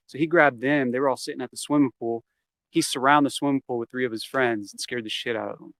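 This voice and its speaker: Profane, animated man telling a story. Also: medium pitch, fast talker, no echo. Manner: profane, animated, acts out quoted lines. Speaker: interview guest. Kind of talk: casual storytelling.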